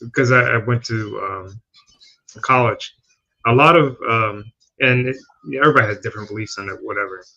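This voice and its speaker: A man hosting a casual podcast chat, excitable and quick to agree, going off on tangents. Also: on the low side. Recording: dull lo-fi stream audio.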